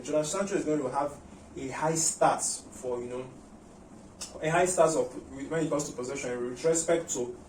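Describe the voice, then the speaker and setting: A man giving a tactical football match preview, talking in an animated way, repeating words and using many "you know" fillers. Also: a little high, slight background noise. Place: room at home. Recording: roomy echo, mic at a distance.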